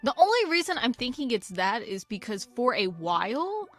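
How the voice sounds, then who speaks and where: This slightly high, a bit bright female voice swings widely in pitch at a normal speed. A young gaming channel host, she casually comments on the farming game she's playing and rambles into sweary jokes at her own expense, with faint game music behind.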